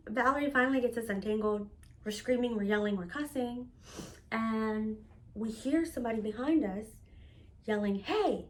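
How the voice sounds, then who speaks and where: A young woman recounts a wild fight story in casual vlog style. Her voice sits a little high, and she talks with loose, profane energy, slipping into quoted voices as she goes. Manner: animated, profane, acts out quoted lines. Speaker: storytelling vlogger.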